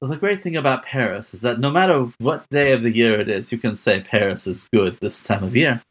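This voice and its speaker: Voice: mid-range voice, brisk, breathy edge. A player in an improvised tabletop role-play game who jokes in a dry, bantering way.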